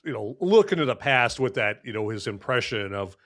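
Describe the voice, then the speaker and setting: A man's voice: medium pitch, lively intonation, fairly quick, fairly bright tone. A man hosting a casual podcast chat about movies, chatty and full of fillers. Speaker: podcast host.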